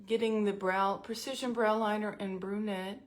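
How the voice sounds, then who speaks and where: A woman's voice: mid-range voice, steady tone, normal speed. A middle-aged woman chatting at home in a casual storytelling vlog while doing her makeup, self-mocking and talkative.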